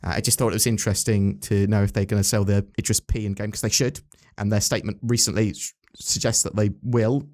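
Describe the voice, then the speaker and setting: A man's voice: fairly low pitch, fairly even intonation, fast, darkish tone. Chatty man talking game news. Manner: chatty, rambling, asks co-host questions. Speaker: host. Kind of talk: casual chat about game news.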